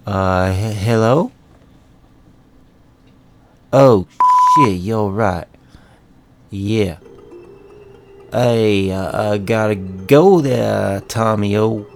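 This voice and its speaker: A man voicing a blustering small-town Southern sheriff in a comedy radio bit, with a slow, slurry, pompous drawl and a Southern accent. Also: fairly low pitch, creaky, music in the background, full character voice. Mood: boozy.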